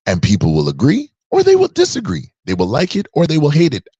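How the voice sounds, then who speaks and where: A man's voice: on the high side, wildly swooping pitch, brisk, mellow, slightly rough, no echo, lo-fi sound. A man around forty giving an emphatic, preachy opinion monologue on a podcast. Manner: emphatic and preachy, drawing out key words. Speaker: podcast commentator.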